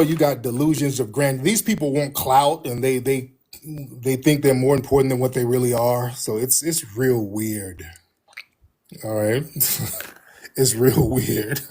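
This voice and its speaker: Husky, slangy man hosting a livestream. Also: mid-range voice, a little mellow. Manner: slangy, laid-back storytelling. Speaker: livestream host. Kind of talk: casual live chat.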